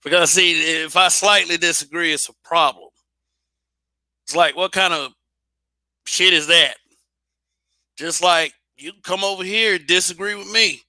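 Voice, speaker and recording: A man holds forth alone in a blunt, casual monologue, swearing freely and tripping over restarts. His voice sits a little high and rings very bright, and the recording is dry and close. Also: a little slow, long pauses, dry recording. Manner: blunt, repetitive restarts, profane. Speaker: channel host.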